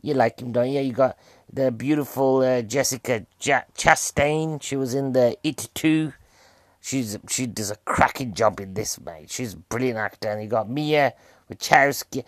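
A British man talks through a film review in a casual, cheeky way and keeps asking the viewer questions. His voice sits at a middle pitch. It is recorded close and dry, with no room sound around it. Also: no echo. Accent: British English.

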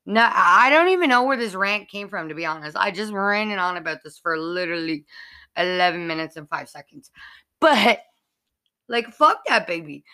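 A woman's voice: mid-range voice, expressive, moderate pace, bright, forceful tone. A woman hosting her own podcast, ranting crudely and heatedly, repeating herself for emphasis. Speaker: podcast host. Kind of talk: profane comedic rant.

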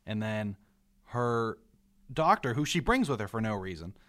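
Podcast co-host, casual chat, wry and hesitant, mid pitch, very lively intonation. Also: moderate pace. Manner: wry, hesitant, stammers and acts out quoted lines. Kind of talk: casual film discussion.

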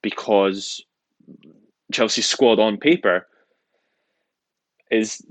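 A man with a very deep voice co-hosts a casual football chat. He hesitates often, filling gaps with ums and repeats. His voice sounds dry and close to the mic. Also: steady tone, a little fast, a bit bright, no room sound. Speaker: podcast co-host.

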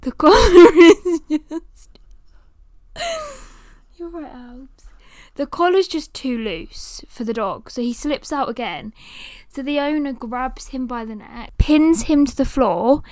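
A woman hosting a podcast, telling a story in a lively, animated way and sometimes cooing at her dog. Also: on the high side, no echo, clean studio sound. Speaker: podcast host.

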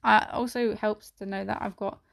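A young woman talks through her own solo podcast in a loose, rambling way. Her voice sits at an everyday middle pitch, packed with fillers and casual swearing. At times it gets emotional and close to tears. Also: fairly even intonation, moderate pace, creaky. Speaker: podcast host. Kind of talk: candid solo podcast monologue.

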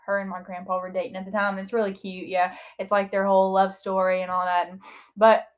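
Brief: young Southern woman, giggly and expressive podcast co-host, casual chat. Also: mid-range voice. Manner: giggly, expressive, quick reactions.

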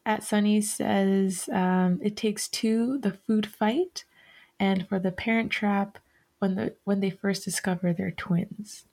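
Woman podcast host, slow and meandering, lots of fillers and restarts. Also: mid-range voice, fairly even intonation, a little mellow. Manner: rambling, self-correcting, many fillers. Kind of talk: casual chat.

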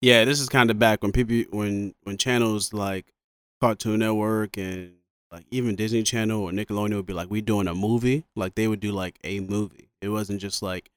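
A laid-back young man in casual podcast chat, talking slangy and swearing easily. His voice is low and smooth, and it is recorded dry and close. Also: little pitch movement, normal speed, a bit bright, no room sound. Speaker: podcast co-host.

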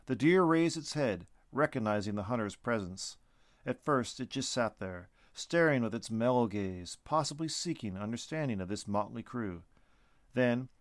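Expressive male storyteller, dry close read. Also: medium pitch, dry recording. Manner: expressive, lively reading. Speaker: narrator. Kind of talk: storybook narration.

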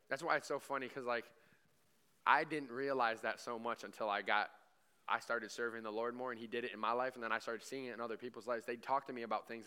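Casual, bright-voiced man preaching. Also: mid-range voice, clear, resonant tone. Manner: casual storytelling, many fillers, asks the room questions. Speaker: pastor. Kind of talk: conversational sermon. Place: church meeting room.

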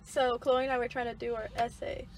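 A woman's voice: fairly high pitch, level tone, a little fast, a little hiss or hum. A teenage girl co-hosting a casual podcast, giggling as she reads out text messages. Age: teens. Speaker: podcast co-host. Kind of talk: casual chat. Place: parked car by a lake in rain.

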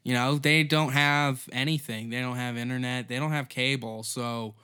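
A man's voice: medium pitch, fairly even intonation, normal speed, pushed and bright, smooth. A man with a mid-range voice talks his way through a solo comedy podcast. He rambles loosely, cursing as he goes and sinking into mumbled asides before picking the thread back up. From Canada. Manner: rambling, profane, offhand, trailing off into mumbles. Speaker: podcast host.

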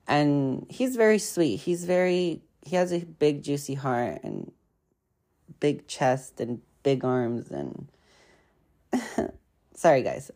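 On her podcast, a young woman with a low-pitched, darkish-toned voice spins stories in a relaxed chat. Her telling is rambling, profane, and packed with fillers.

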